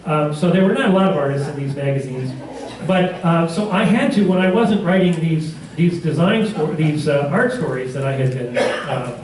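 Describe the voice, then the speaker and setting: A man teaches a community class, wandering through his stories and stopping to correct himself, with small chuckles along the way. His voice is mellow and fairly high for a man. It comes from across a very echoey classroom, picked up by a distant mic. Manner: rambling, self-correcting storyteller with chuckles. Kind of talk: casual classroom talk. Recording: roomy classroom from far off.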